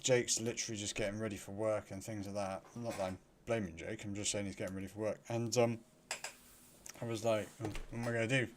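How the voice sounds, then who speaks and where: A man hosting a casual live stream, chatty and quick to laugh, greeting viewers by name. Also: lowish voice, fairly even intonation, background noise. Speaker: livestream host.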